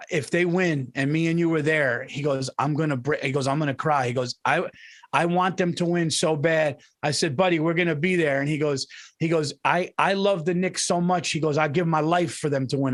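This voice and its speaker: High-voiced, rambling guy saying "dude". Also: steady tone, fairly quick. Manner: rambling storytelling with repeated "he goes" and "dude". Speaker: podcast co-host. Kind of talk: casual chat.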